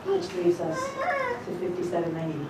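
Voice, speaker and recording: A woman preaches an informal sermon to her congregation. She reads scripture slowly, then turns blunt and casual. She is far from the mic in a very echoey room with clear noise behind her. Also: extremely high pitch, sing-song. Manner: emphatic and blunt, shifting between slow scripture reading and quick casual talk. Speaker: rebbetzin teaching a congregation.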